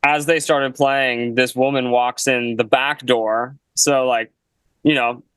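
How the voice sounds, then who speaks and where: A man's voice: medium pitch, steady tone, takes it slowly, fairly bright tone, smooth, dry recording, poor audio. A young man, a guest musician, telling a casual story in a laid-back way, full of "like" and "you know.". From Canada.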